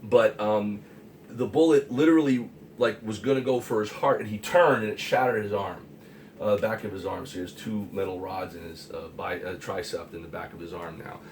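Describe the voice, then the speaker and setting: A man's voice: fairly low pitch, moderate pace, darkish tone. A man giving an earnest, rambling monologue, emphatic and full of fillers and restarts. He talks to the camera as a vlogger. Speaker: comic artist and vlogger. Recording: distant mic with faint hiss.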